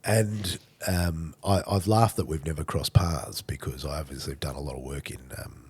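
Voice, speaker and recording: An Australian man hosting a podcast, telling stories in a blokey, joking and animated way. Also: very deep voice, moderate pace, slightly rough. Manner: animated storyteller, blokey and jokey. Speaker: podcast host. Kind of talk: casual podcast chat.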